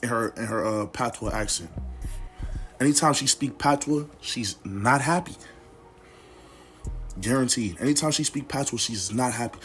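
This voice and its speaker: A young man casually telling a story from his life, animated and full of slang. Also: normal speed, long pauses, soft background music. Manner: animated, slangy, swoops up to high exclamations. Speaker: vlogger.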